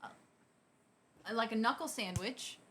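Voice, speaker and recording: A woman's voice: on the high side, unhurried, a bit bright, slight background noise. A woman streamer chatting casually, joking and teasing while she tries out slang. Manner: jokey, teasing, game for a laugh.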